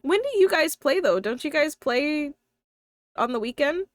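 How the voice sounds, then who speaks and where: A woman's voice: sits high, lively intonation, normal speed, dry recording, studio quality. A young woman with a slight lisp, chatting casually on a live stream, thinking aloud and talking to her viewers. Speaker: live streamer and tabletop player.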